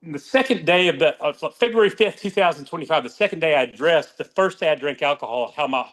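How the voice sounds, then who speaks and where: A middle-aged man speaking with a somewhat high voice in a candid interview. He rambles, circles back and restarts his sentences as he talks. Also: expressive, a little fast, fairly bright tone. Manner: rambling, restarts often, emotional about friends. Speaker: podcast guest, author.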